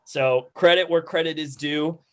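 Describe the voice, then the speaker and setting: A man's voice: fairly high pitch, steady tone, measured pace. A man hosting an online livestream, thanking the cast in a rambling, casual way over a video call. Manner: rambling, with fillers and restarts, warm thanks. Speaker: host and organizer of online live readings. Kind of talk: casual wrap-up chat on a livestream.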